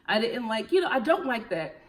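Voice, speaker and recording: A young woman with a Philadelphia accent recaps TV in a sassy, animated, opinionated way and throws in plenty of slang. Her voice sits a little high for a woman. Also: fairly quick. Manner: sassy and animated, drops slang like honey and girl. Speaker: TV recap vlogger.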